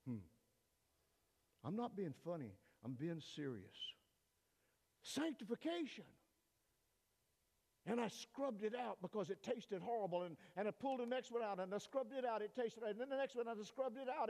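An older man, a pastor, preaching an emphatic sermon in a church, swinging between loud peaks and hushed asides. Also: sits high, expressive, moderate pace, vocal fry, pauses often. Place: church sanctuary. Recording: long reverb of a church hall.

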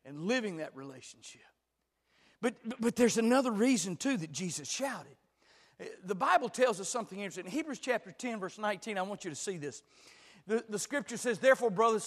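A man preaching a sermon, dropping to hushed lines and then building to loud, shouted climaxes. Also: high voice. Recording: long hall reverb.

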